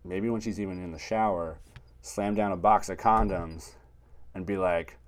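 Low-voiced man rambling deadpan advice. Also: normal speed. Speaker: comedy podcast co-host. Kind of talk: improvised comedy chat.

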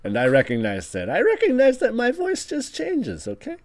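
A man's voice: very high-pitched, huge pitch swings, normal speed, darkish tone, pitched above the performer's own voice, exaggerated voice. A man improvising a scheming casino boss in a tabletop role-play, talking bluntly in rambling bursts with self-mocking asides. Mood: bossy.

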